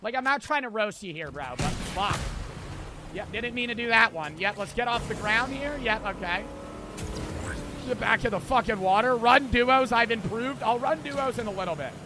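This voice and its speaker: A man streaming gameplay in casual commentary, brash and profane, answering chat with quick irritation. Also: very high-pitched, expressive, background noise. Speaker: streamer playing a battle royale game.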